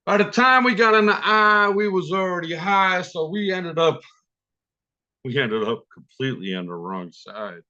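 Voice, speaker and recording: Man, higher voice, bright edge, streetwise storyteller, dull lo-fi stream sound. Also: expressive, moderate pace. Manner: streetwise, profane, vivid. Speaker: open mic storyteller. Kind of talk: spoken storytelling at an open mic.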